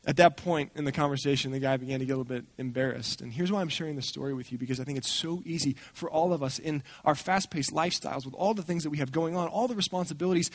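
A man speaking at a church gathering, telling a story in an animated way and acting out the people he quotes. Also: fairly high pitch, quick pace, hardly any pauses, dry recording. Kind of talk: storytelling talk.

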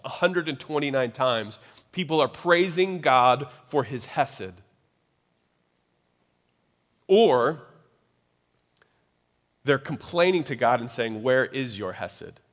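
A man preaching a sermon as pastor, in a conversational style with frequent asides to the listeners. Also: mid-range voice. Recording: long reverb of a large hall.

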